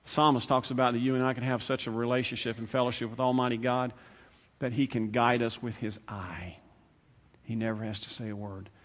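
A man preaches a sermon at a middle pitch, his voice carrying a long reverb from a church hall. He talks to the congregation in a plain, conversational way, repeats words, and swings between loud, quick bursts and quiet, drawn-out lines. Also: steady tone.

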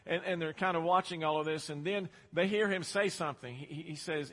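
Preacher, male, emphatic sermon delivery, voice bright and higher than most, echoing through a big hall. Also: moderate pace. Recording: long hall reverb.

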